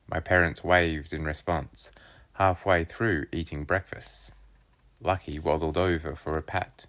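A man reading a children's chapter book aloud, telling it in a lively first-person voice. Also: rumbling low, measured pace. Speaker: storybook reader.

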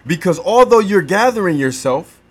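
A man hosting a podcast, giving a slow, encouraging motivational talk and leading a breathing exercise, repeating his words. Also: sits high, very animated, slightly rough. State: gasping for air at times. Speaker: podcast host.

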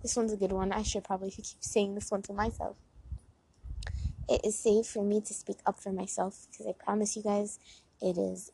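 A woman's voice: mid-range voice, little pitch movement, brisk, vocal fry, dark tone, breathy edge, dry recording, rough recording. A young woman in a casual, encouraging tone, leading spoken affirmations and repeating each one for listeners, with many fillers like "like" and "you know". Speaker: host.

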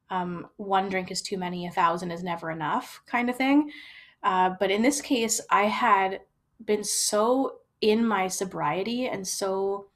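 A woman's voice: medium pitch, a bit bright. A young woman telling her own story in a candid, reflective way, with frequent fillers and restarts. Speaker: storyteller sharing personal experience.

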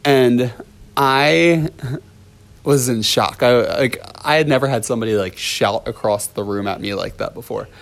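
A man's voice: lowish voice, fairly even intonation, a little fast, creaky, hardly any pauses. Man rambling through a class story. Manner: rambling retelling with many fillers and restarts. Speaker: ballet teacher. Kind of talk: casual storytelling vlog.

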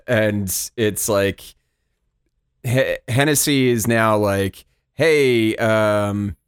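A man's voice: fairly low pitch, slow, smooth, dry recording, studio quality. A man co-hosting a casual book podcast, making wry remarks and reading lines from the book in mocking tones. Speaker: podcast co-host.

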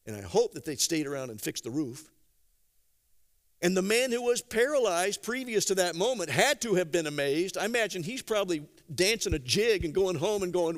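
Animated, lively-voiced male preacher. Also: sits high, normal speed. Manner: animated storytelling with acted-out quotes; conversational, gently humorous. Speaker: pastor. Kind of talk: sermon.

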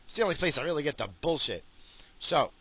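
A man's voice: fairly high pitch, animated, quick pace, fairly bright tone, slightly rough. A middle-aged man ranting crudely in a profane solo monologue, recorded in his car while he drives. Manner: crude, heated and sweary, with frequent restarts. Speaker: solo podcaster.

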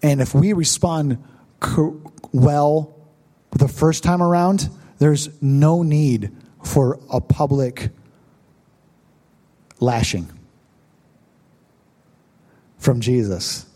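A young male pastor preaching in a relaxed, storytelling way, often asking the congregation whether they remember. His voice sits a little high and sounds warm and mellow. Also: takes it slowly, long pauses. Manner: storytelling, conversational with congregation asides. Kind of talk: sermon with personal story.

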